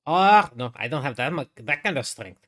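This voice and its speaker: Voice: mid-range voice, moderate pace. A tabletop game player chatting casually in a put-on Scottish accent, laughing often. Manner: lively, laughing.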